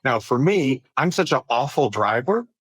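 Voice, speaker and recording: A man being interviewed as a podcast guest, speaking in an earnest, measured way about business and mindfulness. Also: medium pitch, very animated, husky, dry recording. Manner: earnest and measured, thinks aloud with fillers. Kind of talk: reflective conversational interview.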